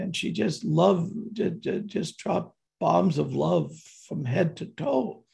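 An older man telling a personal story as a guest, earnest and slowing down on emotional words, with a raspy, gravelly voice. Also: on the high side, animated, a little mellow.

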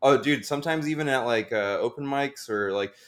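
A young stand-up comedian chats casually on a podcast, rambling, saying "like" constantly, and laughing often. His voice is mid-range and fairly quick.

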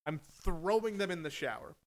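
A young man telling a story in casual chat, animated and self-mocking, swearing freely. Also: high-pitched, brisk, no room sound.

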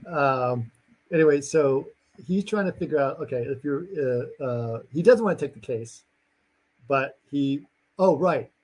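Husky guy rambling thru a movie recap, um and uh everywhere, medium voice. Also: medium pitch, a little slow, a little mellow, low-quality recording. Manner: rambling, lots of fillers, acts out scenes. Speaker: podcast co-host recapping a movie. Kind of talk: casual chat.

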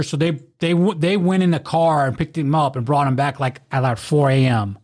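A drunk man with a slightly high voice tells rowdy, profane stories in casual chat at normal speed. His storytelling is animated, and he acts out the people he quotes.

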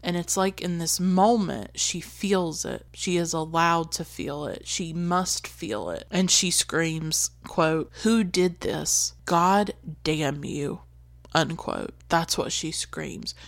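A woman podcast host giving a reflective commentary on a film scene, speaking in an earnest, slow and emphatic way. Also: sits low, vocal fry.

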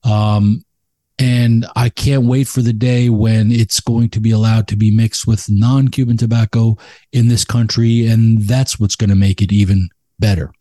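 A man talking casually in a low-key, mellow voice, stopping now and then to find the right word. The sound is close and dry, with no room around it. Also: flat delivery, unhurried, no room sound. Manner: thoughtful, restarts with "you know" and "um". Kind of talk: casual conversational explanation.

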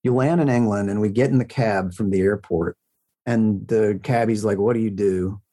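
A man's voice: on the low side, moderate pace, dark tone. Chatty self-mocking man telling stories. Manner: chatty storyteller, self-mocking, frequent restarts. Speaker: country singer, guest. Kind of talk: casual interview chat.

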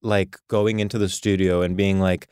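A man's voice: deep voice, little pitch movement, moderate pace, darkish tone, clean tone, no room sound. A man cohosting a podcast in a studio, bantering playfully and laughing at his own jokes. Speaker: podcast co-host.

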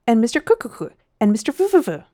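A woman's voice: fairly high pitch, very animated, fast talker, mellow, no echo, clean studio sound, pitched above the performer's own voice. A woman voicing a weary male spaceship captain who stammers out puzzled questions in a storybook reading. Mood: baffled.

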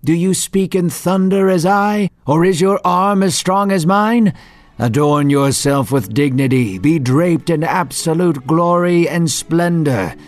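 A man voicing God as a vast, stern male deity who asks thundering questions in a slow, forceful way. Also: on the high side, expressive, husky, voice pushed up. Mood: booming, stern.

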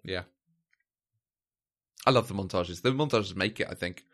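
A man's voice: low voice, moderate pace, a bit bright. A man co-hosting a casual film discussion, thoughtful and hesitant, with plenty of fillers and restarts. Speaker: podcast co-host.

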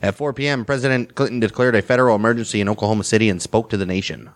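A man co-hosting a podcast, reading history aloud with quick joking asides. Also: fairly low pitch, steady tone. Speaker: podcast co-host. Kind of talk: reading history and casual chat.

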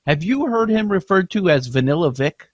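A man's voice: high-pitched, lively intonation, moderate pace, dry recording. Man, sports betting host, casual chat, analytical, dry close sound. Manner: analytical, questioning.

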